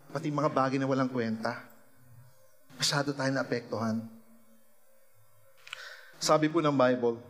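A male pastor with a Filipino accent delivers a sermon in a high, light voice. He turns to the congregation with questions and slips between English and Tagalog. His words hang in a long, reverberant hall. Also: a bit bright.

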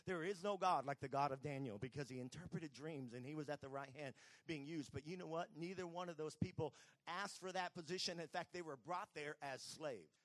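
Animated male preacher, dry sound. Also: on the high side, no room sound. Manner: animated storytelling, acting out Bible characters. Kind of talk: sermon.

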